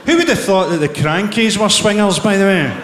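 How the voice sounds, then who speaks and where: A Scottish man in his forties doing a live stand-up set, firing off profane, dark deadpan one-liners. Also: high voice, fairly quick, noisy background. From Scotland. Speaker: stand-up comedian. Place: large theatre stage. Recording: echoey live theatre hall with loud crowd laughter.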